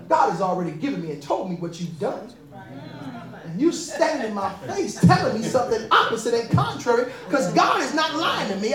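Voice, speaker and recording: A woman preaching a sermon in a lively, animated way, often laughing and calling out to the congregation. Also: sits high. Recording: echoey room.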